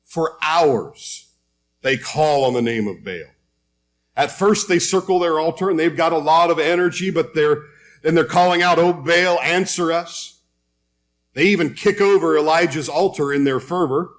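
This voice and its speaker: A preacher retells scripture during a sermon in an easygoing storytelling voice pitched slightly higher than is typical for a man. At a normal pace, he reads verses aloud and slips in casual asides between them.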